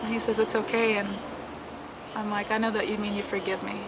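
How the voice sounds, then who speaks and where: A woman's voice: mid-range voice, level tone, very noisy. Worn-out woman talking candidly. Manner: candid, halting, swings between soft and loud. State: unwell and worn out. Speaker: vlogger. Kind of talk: emotional personal vlog.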